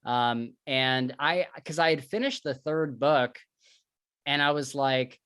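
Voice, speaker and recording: A man's voice: mid-range voice, slow pace, pushed and bright, clear, resonant tone, no echo, studio quality. A man co-hosting a podcast, chatting casually and eagerly about books, with plenty of filler words. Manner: chatty, enthusiastic, many fillers. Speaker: podcast co-host. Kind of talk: casual book chat.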